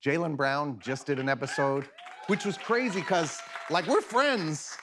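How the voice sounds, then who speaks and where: A man in his fifties with a Boston accent, a guest on a talk show, an animated storyteller with quick asides, recorded in a television studio. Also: on the high side, background noise. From Boston, USA.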